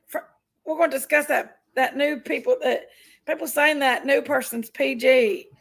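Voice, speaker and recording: A woman's voice: high voice, normal speed, poor audio. A woman hosting a casual livestream, chatty and folksy, greeting viewers by name while feeling unwell with an upset stomach. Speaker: livestream host.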